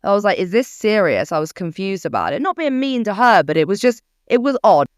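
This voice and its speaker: A young woman co-hosting a podcast, telling a story in casual chat with a British English accent, animated and swearing freely. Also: mid-range voice, brisk, no room sound, studio quality. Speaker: podcast co-host.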